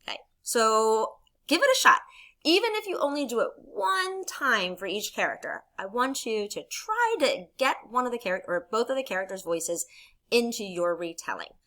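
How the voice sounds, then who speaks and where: A woman teacher talks students through a recorded lesson, patient and encouraging, explaining step by step. Her fairly high voice is bright and lively. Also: normal speed.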